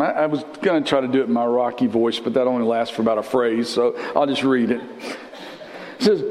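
A male pastor delivers a sermon with animated energy, often repeating the first words of a phrase before pushing on. His voice sits a little high for a man, and it rings out with a long reverb from a large hall.

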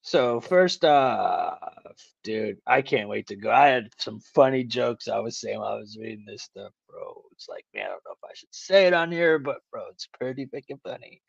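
A man's voice: medium pitch, expressive, moderate pace, vocal fry, slightly rough, no room sound, lo-fi sound. Slangy man reading news with jokes. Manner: loose, slangy, reads news aloud with joking asides. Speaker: co-host. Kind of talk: casual call-in talk show banter.

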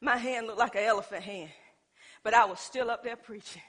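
A middle-aged woman pastor preaching a sermon. She tells stories to the congregation, moving between loud declarations and hushed asides. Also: on the high side, fairly quick, slightly rough. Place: church.

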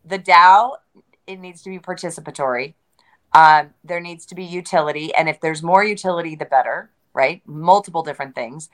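Interview guest, woman, lower-pitched, emphatic and wry, repeats key words. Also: normal speed, fairly bright tone. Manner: joking, conversational. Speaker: interview guest, crypto entrepreneur. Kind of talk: casual interview.

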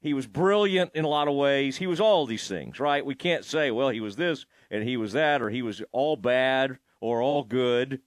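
A man's voice: medium pitch, normal speed, few pauses, dry recording. Brief: male sports host, conversational and reflective, close dry recording. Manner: reflective, thinks aloud while asking. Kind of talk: casual interview chat.

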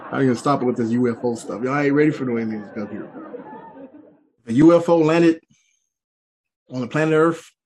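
A man doing stand-up comedy, animated and repetitive, talking straight to the audience. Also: medium pitch. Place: comedy stage. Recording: live show, faint crowd and noise.

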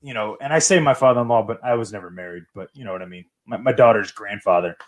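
Relaxed man from Texas chatting. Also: lowish voice, fast. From Austin, Texas. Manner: relaxed, rambling, casual swearing. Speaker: host. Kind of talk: casual chat.

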